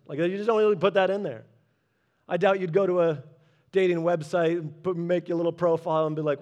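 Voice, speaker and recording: Conversational preacher with a lightly raised voice. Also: male voice, on the high side, fairly even intonation, muffled recording. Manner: conversational preaching with humorous asides, drops quiet and slow for solemn points. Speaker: pastor. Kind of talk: sermon.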